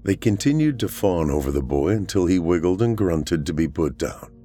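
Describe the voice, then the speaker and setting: A man reading a horror story aloud as the show's narrator, in a measured storytelling manner. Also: low voice, lively intonation, mellow, faint music behind.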